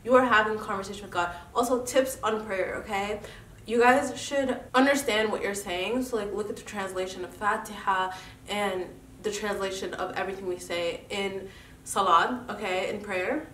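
A woman's voice: mid-range voice, fairly even intonation, moderate pace, fairly bright tone, a little hiss or hum. A young woman with a congested nose, giving an earnest, encouraging faith talk straight to her viewers. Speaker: vlogger host. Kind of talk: casual motivational faith talk. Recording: echoey room, mic at a distance.

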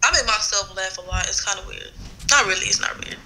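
A woman's voice: medium pitch, quick pace, a crowd in the background, poor audio. A woman in a casual video chat, laid-back and frank, with slangy talk. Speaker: chat partner.

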